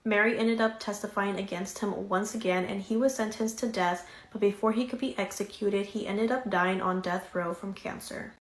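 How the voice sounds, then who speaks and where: A woman's voice: mid-range voice, steady tone, normal speed, hardly any pauses, roomy sound. A woman narrating a true-crime story in a matter-of-fact way.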